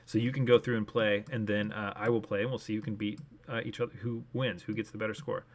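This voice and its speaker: A man's voice: fairly low pitch, flat delivery, fast talker. A man casually streaming a map-guessing game, thinking aloud and switching between English and learner Japanese. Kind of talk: casual live-stream commentary.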